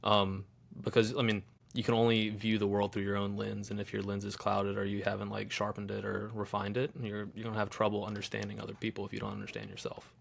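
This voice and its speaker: Gravelly, reflective man hosting a podcast. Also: fairly low pitch, monotone. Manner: halting and reflective, many ums. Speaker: podcast host. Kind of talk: casual conversation.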